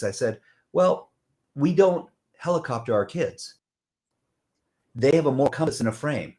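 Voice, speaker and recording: Animated, lively-voiced middle-aged man. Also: medium pitch, normal speed, pauses often. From Southern California. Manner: animated storyteller who acts out others in voices. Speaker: guest. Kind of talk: casual conversation.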